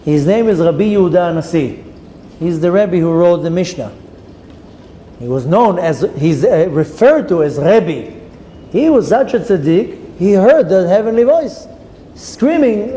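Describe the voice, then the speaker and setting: This Torah class finds a rabbi narrating a story with dramatic character voices and Hebrew terms sprinkled throughout. He speaks at a measured pace in a high, warm voice with lively intonation, and the audio has long reverb with faint background noise.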